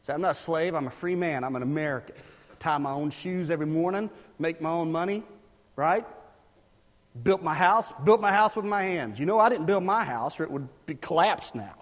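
High-voiced preacher in a reverberant hall. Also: male voice, fairly quick. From South Carolina, US. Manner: animated, rising to loud emphatic bursts. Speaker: pastor. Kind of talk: sermon.

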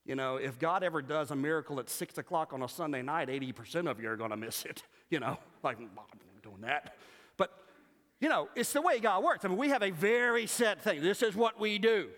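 A man preaching a sermon as pastor, animated and humorous, mimicking voices to make his points. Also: fairly high pitch, a little fast. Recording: long reverb of a church hall.

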